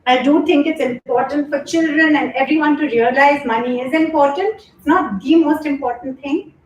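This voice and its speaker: Woman leading a home yoga stream, chats with viewers then calls out stretches, kinda high voice, roomy echo. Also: normal speed, dull audio, a little hiss or hum. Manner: chatty and open, reads viewer comments aloud, then cues stretches. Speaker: yoga instructor and show host. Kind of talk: live-streamed yoga class with casual chat. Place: home room. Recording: echoey room with faint background ambience.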